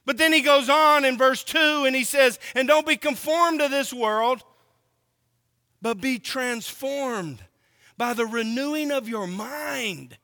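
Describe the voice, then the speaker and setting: A man's voice: extremely high pitch, takes it slowly, bright, forceful tone, big-room sound. A man from Oklahoma preaching a sermon, emphatic and drawn out, asking the congregation rhetorical questions.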